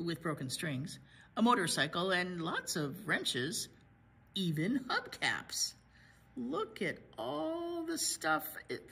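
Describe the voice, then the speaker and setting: Animated, breathy woman reading to children. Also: fairly low pitch. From United States. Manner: animated, chatting to children about the pictures. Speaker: children's librarian. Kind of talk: children's story read-aloud.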